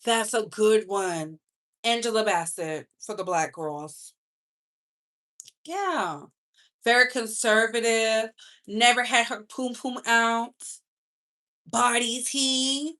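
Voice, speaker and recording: A bright, sharp-toned woman talks celebrity gossip with a sassy, chatty delivery. Her voice sits a little high, and her carries the talk. She drags some words out slowly and rushes others. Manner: chatty, sassy, speeds up and slows down for emphasis. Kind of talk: casual live-stream chat.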